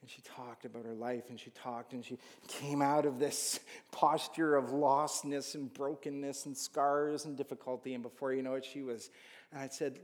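A man preaching a sermon in a lively, animated manner, jumping from loud emphatic rises to hushed asides. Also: mid-range voice, normal speed. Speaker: pastor. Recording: long hall reverb.

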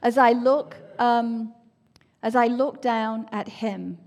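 A woman giving an earnest, emotional personal faith testimony, now and then dropping to a soft near-whisper. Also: a little high, steady tone, slow. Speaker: speaker sharing a personal testimony.

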